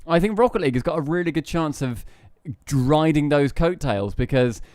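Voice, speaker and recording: A man's voice: fairly high pitch, lively intonation, moderate pace, darkish tone, no room sound, studio quality. A man co-hosting a podcast, chatting with enthusiasm. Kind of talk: casual podcast chat.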